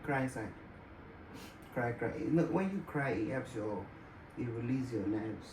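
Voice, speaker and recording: A man's voice: mid-range voice, unhurried. Playful, teasing man in an echoey room. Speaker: husband co-host. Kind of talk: casual family chat. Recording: roomy, distant mic, clear background noise.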